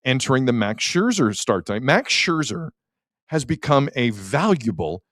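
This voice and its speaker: Animated sports talk host. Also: male voice, medium pitch, unhurried, no echo, studio quality. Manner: animated, chatty, reads stats aloud.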